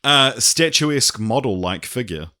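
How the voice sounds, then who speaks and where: A man co-hosting a casual podcast, reading out quiz clues slowly and laughing often. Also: mid-range voice, lively intonation, bright, forceful tone. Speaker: podcast co-host, quizmaster.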